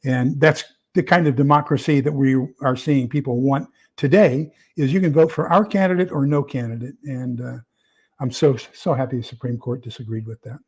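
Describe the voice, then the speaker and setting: A man's voice: medium pitch, steady tone, moderate pace, a little mellow, slightly rough. A man hosting a casual livestream, rambling with many fillers and repeated words as he reads viewer comments. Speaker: prepper channel host.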